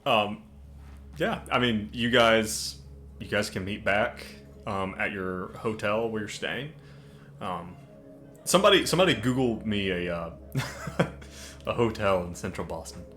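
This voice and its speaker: A man's voice: lowish voice, lively intonation, measured pace, long pauses, a bit bright, slight background noise. A man narrating as game master of a tabletop game, loose and laughing, with plenty of filler.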